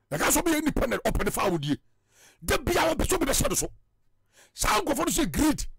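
A Ghanaian man preaching with a high, gravelly edge to his voice and emphatic bursts. His pitch swings widely as he drives his points home. The sound is dry and close, with no room around it. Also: no room sound. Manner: emphatic, rising to loud bursts. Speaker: evangelist. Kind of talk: preaching in Twi and English.

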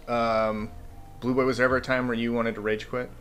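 A man's voice: medium pitch, level tone, brisk, a bit bright, faint music behind. A man hosting a casual podcast, reading viewer questions with many hesitant fillers. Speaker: podcast host. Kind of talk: casual chat.

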